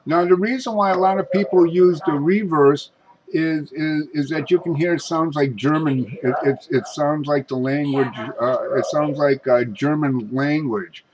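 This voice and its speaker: A man demonstrating ghost box apps, talking in a halting way with many restarts and calling out politely to spirits. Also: a little high, crowd noise, rough recording. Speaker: paranormal investigator.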